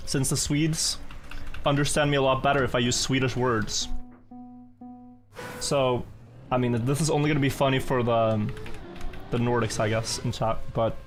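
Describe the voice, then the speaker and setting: A young man who grew up speaking Norwegian chats loosely with his audience during a game stream, answering questions with an easy, self-amused manner. His voice sits in a middle pitch. Faint music and the clack of a keyboard sit beneath him. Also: steady tone, normal speed, pauses often. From Norway. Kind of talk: casual live-stream chat while gaming.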